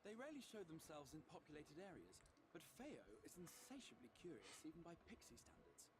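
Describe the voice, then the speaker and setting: An actor playing a courteous male fantasy elder in a video game, speaking formally in archaic, measured phrases. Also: fairly high pitch, very animated, noisy background.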